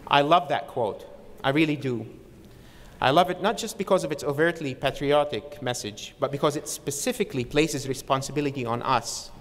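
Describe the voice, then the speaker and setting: A man delivers a formal commencement speech from a podium, earnest and emphatic, stressing each point of advice. His voice sits at an ordinary pitch. The sound carries a long reverb tail from a large ceremony hall. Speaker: commencement speaker.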